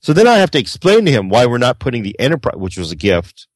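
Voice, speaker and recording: A man's voice: mid-range voice, fast talker, dry recording. A man co-hosting a casual podcast, telling stories with lots of acted-out voices and frequent swearing. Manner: animated storyteller, acts out quoted people, swears freely. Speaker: podcast co-host.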